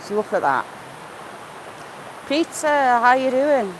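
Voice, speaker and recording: On a casual live-stream walk beside a wooded river, a woman speaks slowly in a high-pitched, expressive voice and greets viewers by name as she chats. The recording is low quality, with faint outdoor sounds in the background.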